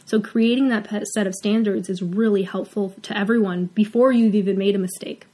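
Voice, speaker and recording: A woman's voice: mid-range voice, steady tone, brisk, mellow. A woman veterinarian hosting a talk, speaking earnestly and at times emotionally as she encourages other vets. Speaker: host. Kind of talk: heartfelt advice talk.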